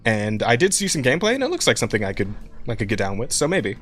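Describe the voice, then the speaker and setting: A man hosting a casual podcast stream, relaxed and rambling, swearing freely as he talks to chat. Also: mid-range voice, quick pace, soft background music. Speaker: podcast host.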